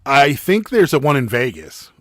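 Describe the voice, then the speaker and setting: A man's voice: mid-range voice, wildly swooping pitch, normal speed. A man co-hosting a live home stream, chatting casually in a rambling, teasing way full of fillers. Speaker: co-host of a live reselling stream. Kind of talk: casual chat. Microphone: desk microphone.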